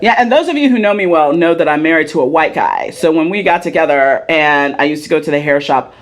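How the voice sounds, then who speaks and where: A woman hosting a casual couch chat, telling stories in an animated, playful way. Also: low-pitched, fast talker. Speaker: host.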